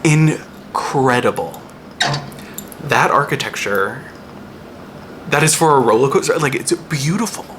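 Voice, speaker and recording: A young man vlogging a casual, profane rant-style review with sudden loud outbursts. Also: medium pitch, expressive, normal speed. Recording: noticeable background noise.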